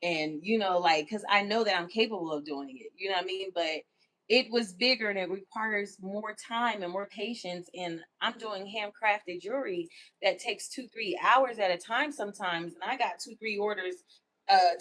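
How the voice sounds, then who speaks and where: A woman's voice: mid-range voice, a bit bright. A woman hosting a livestream in casual chat, candid and self-affirming, who keeps asking "you know what I'm saying?". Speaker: livestream host.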